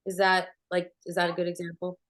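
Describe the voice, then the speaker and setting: Animated woman acting coach, low voice. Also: a little fast. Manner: animated storyteller, acts out dialogue. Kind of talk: panel discussion answers.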